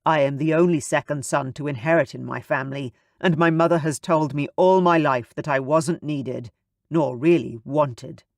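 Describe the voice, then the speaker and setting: Man reading as a serious young duke, steady and intense, dry sound. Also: a little high, moderate pace, creaky, no room sound. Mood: earnest. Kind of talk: audiobook character voice.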